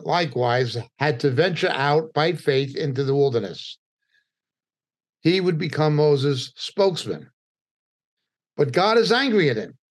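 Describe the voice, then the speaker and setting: Slow, deliberate New teacher. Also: male voice, fairly high pitch. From New York. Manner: deliberate, emphatic, pausing between phrases. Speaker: Bible teacher. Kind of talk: midweek Bible study teaching.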